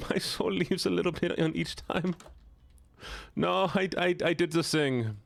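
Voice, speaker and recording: A man chatting casually with his live-stream audience while playing a game, joking, playful and quick to laugh. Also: high voice, creaky, dry recording. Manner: playful and joking, laughs often, teases chat.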